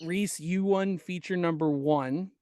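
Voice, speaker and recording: Male host, upbeat, slightly higher voice, dry close sound. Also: unhurried, darkish tone, clean tone, no echo. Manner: upbeat, steers questions. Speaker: podcast host. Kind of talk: casual podcast hosting.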